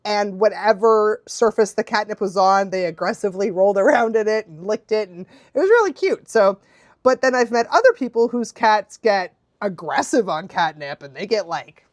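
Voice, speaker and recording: A woman, a dog trainer chatting casually on a livestream Q&A. She laughs often and acts out quotes in high, playful voices. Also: no echo, studio quality.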